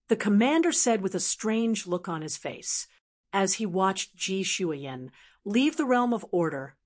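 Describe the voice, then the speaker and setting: A woman narrating a fantasy audiobook in an even, steady reading voice. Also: medium pitch.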